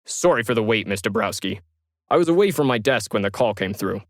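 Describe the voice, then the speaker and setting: A man's voice: on the low side, animated, fast, no room sound, clean studio sound, close to an everyday voice. Narrator doing a formal, authoritative company man, slightly raised voice. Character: authoritative male company representative.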